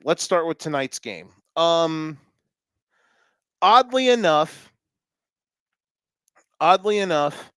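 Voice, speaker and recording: A man's voice: fairly high pitch, a bit bright, smooth, no echo, studio quality. A man co-hosting a sports podcast, talking energetically and joking in casual chat. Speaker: podcast co-host.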